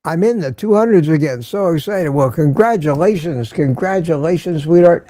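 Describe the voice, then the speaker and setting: A man's voice: a little high, lively intonation, moderate pace, very noisy. An older man hosting a casual morning livestream, greeting viewers by name and reading the chat aloud. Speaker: livestream host.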